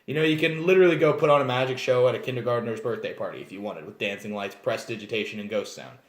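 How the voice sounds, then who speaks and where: A man casually explaining tabletop role-playing game races, animated and digressive, often slipping into acted scenes. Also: medium pitch, rapid-fire. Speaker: channel host. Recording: roomy echo.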